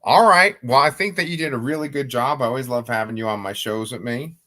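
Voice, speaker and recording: A man's voice: medium pitch, quick pace, pushed and bright. A man hosting a casual family video, asking his young daughter easy questions and cheering her on. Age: adult. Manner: chatty, encouraging, asks questions.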